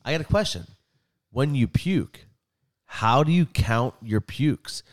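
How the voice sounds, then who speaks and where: A man's voice: mid-range voice, expressive, slow. A man co-hosting a casual chat, asking long rambling questions. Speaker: podcast co-host.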